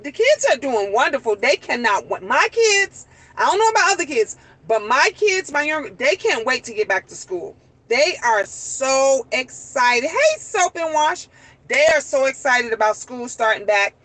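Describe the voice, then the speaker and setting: A woman's voice: fairly high pitch, fairly bright tone, poor audio. A middle-aged woman and grandmother chatting casually with live stream viewers from a car, rambling animatedly through stories and greeting people as they join.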